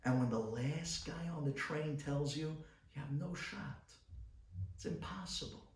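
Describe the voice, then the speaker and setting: A rabbi giving an inspirational talk, telling stories dramatically and swinging between loud bursts and hushed asides. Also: male voice, a little high, unhurried, roomy sound, far from the mic.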